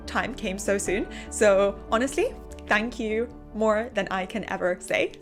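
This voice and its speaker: Woman, 25, accent blending English with an Irish-sounding lilt; earnest, apologetic vlog chat with faint music behind. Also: mid-range voice. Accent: mixed, English with an Irish-sounding lilt. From England. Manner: earnest, apologetic, over-explaining. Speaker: YouTuber. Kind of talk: casual chat to camera.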